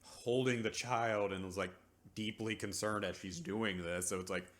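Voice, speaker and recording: A man's voice: on the low side, fairly even intonation, a bit bright. A man giving a casual, rambling rant recapping a TV episode, full of filler words and mocking quoted asides. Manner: mocks characters in quick quoted asides. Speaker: vlogger reviewing a TV episode.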